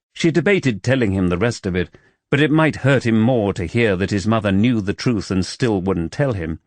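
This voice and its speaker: A man reading a romance audiobook as narrator, calm and measured. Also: on the low side, no room sound. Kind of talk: scripted narration.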